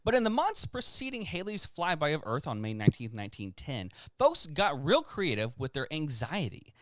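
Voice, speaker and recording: A man's voice: a little high, wildly swooping pitch, moderate pace, fairly bright tone, no echo. A man co-hosting a podcast who reads history articles aloud in casual chat and stumbles over long words. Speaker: podcast co-host.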